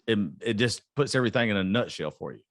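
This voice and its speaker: A podcast host with a Southern US accent, talking in a hesitant, self-conscious way in a casual interview. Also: male voice, lowish voice, lively intonation, quick pace, a bit bright, no echo, clean studio sound.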